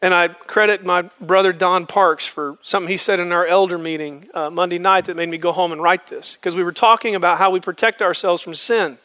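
A man's voice: sits high, fairly even intonation, a little fast, few pauses, pushed and bright. A man leading a men's Bible study, explaining scripture earnestly and using homespun examples.

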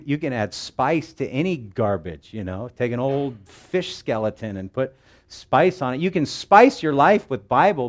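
A man preaching a sermon in an animated, joking way, acting out the voices he quotes. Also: medium pitch. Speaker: pastor.

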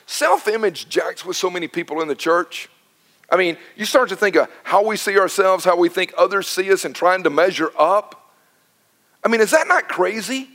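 A middle-aged man preaching a sermon as pastor, telling stories with lively quoted dialogue. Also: sits high, normal speed. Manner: animated storytelling with quoted dialogue.

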